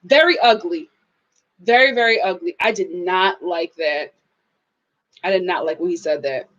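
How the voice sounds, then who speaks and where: A woman's voice: fairly low pitch, normal speed, fairly bright tone, highs cut off. A young woman, chatting casually on a live stream, reading viewers' comments, laughing often and quoting people in exaggerated voices. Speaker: host of a live TV review stream.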